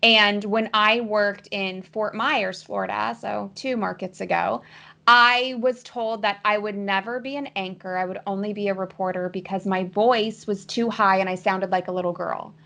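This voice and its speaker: A woman's voice: medium pitch, steady tone, normal speed, gravelly, bright, forceful tone. A woman podcast host, a former TV reporter, chatting enthusiastically with her guest. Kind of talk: conversational interview.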